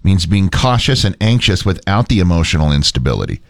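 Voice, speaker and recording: A man's voice: deep voice, sing-song, fairly quick, gravelly, dry recording. Dry-humored male radio host. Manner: dry, self-deprecating joking. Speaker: radio morning show host. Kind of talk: casual radio banter.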